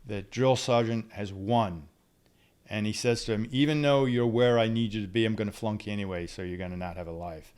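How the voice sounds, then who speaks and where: An older man, a lawyer, giving blunt advice in a rambling casual monologue with false starts. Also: lowish voice. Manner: rambling, blunt, with restarts and sighs.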